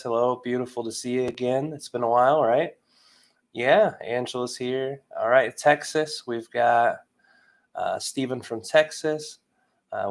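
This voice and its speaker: A man's voice: mid-range voice, creaky. Upbeat man hosting a live stream. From Michigan, US. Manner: upbeat, chatty, reads out viewer names. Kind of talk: casual live stream greeting viewers.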